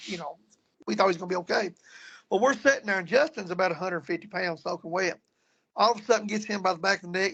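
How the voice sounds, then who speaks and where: A man's voice: sits high, vocal fry, sharp tone. A man telling ghost-hunting stories in casual talk, rambling and repeating himself as he goes. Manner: rambling, repeats words and restarts. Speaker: guest paranormal investigator. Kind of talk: casual storytelling.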